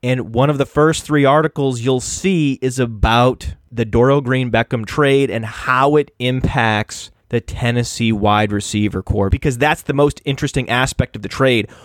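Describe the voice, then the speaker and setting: A man's voice: mid-range voice, normal speed, no echo, clean studio sound. A man hosting a sports podcast, delivering an opinionated, emphatic monologue that turns exasperated and ranting. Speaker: fantasy football podcast host.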